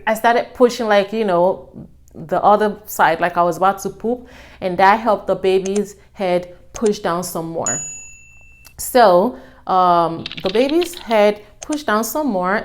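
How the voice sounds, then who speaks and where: Woman, young adult, vlogger, casual storytelling, animated quoting, mid pitch. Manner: animated, acts out quotes with raised pitch. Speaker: vlogger telling her birth story.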